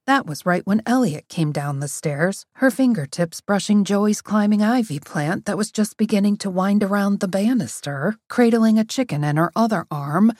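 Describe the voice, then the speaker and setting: A woman reading an audiobook in scripted narration, wry and expressive. Her pitch rises and falls freely over a mid voice, and the recording is dry and close. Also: no echo.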